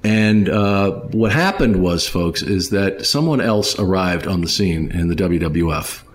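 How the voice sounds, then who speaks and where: A man's voice: low-pitched, measured pace. A man hosting a casual podcast, reading out listener questions and laughing along with his co-host. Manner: chatty, rambling with fillers and restarts, laughs along.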